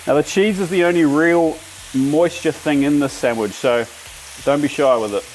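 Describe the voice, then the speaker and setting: A man's voice: on the high side, moderate pace, slight background noise. An Australian man hosting a casual cooking demonstration, chatty and enthusiastic as he talks while he cooks. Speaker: cooking show host.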